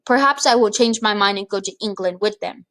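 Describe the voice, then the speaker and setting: A woman doing a booming greedy giant. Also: a little fast, no room sound, close to an everyday voice. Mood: gloating bully. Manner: booming, shouting insults. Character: huge brutish male giant, greedy and bullying.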